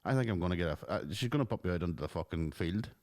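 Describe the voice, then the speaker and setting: A Northern Irish man co-hosts a comedy podcast, cutting in with rapid teasing remarks. His voice sits lowish for a man but moves around a lot, and he talks fast. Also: expressive, a little mellow. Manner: quick teasing interjections and banter. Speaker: podcast co-host. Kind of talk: casual comedic chat.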